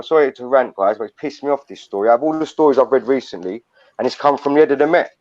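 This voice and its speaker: A man's voice: a little high, a little mellow. An older man, ranting heatedly and swearing a lot on a live stream. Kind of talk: angry ranting live chat. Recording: muffled lo-fi stream audio.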